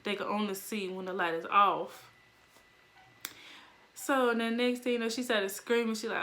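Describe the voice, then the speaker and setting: Animated young woman telling a story. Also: medium pitch, moderate pace, long pauses. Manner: animated, laughs, acts out voices. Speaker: vlogger. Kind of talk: casual storytelling.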